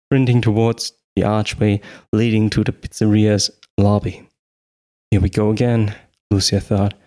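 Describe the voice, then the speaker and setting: Brief: male hobby narrator, a bit low-pitched, reads a horror story plainly. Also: a little mellow. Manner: plain reading with small slips and self-corrections. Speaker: audiobook narrator. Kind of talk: amateur audiobook reading.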